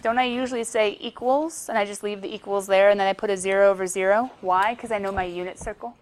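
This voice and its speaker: A woman's voice: mid-range voice, fairly even intonation, fast talker. A woman teaching a math class, chatty and playful, often talking to herself as she works through problems. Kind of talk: classroom lecture. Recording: faint background noise.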